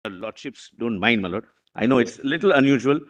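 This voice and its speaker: A man's voice: mid-range voice, lively intonation, fast. A man with an Indian English accent making formal submissions to a court as a government lawyer, repeating deferential forms of address.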